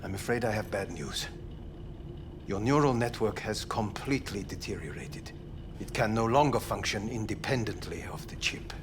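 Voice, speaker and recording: An actor playing a cold, clinical older male scientist in a video game, speaking in a measured, formal and detached way. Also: lowish voice, lively intonation, noisy background, lightly acted. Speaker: game character.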